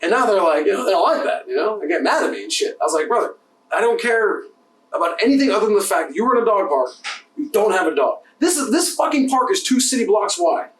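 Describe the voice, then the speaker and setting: A man, a bartender co-hosting a podcast, telling animated stories in casual chat, acting out the exchanges and swearing freely. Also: high voice, quick pace, reverberant, distant mic. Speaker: podcast co-host.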